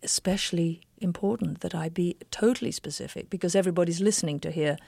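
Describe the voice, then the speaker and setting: An English stage actress answering interview questions in an articulate, emphatic, opinionated way. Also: female voice, on the low side, fast, vocal fry, mellow, no room sound. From England.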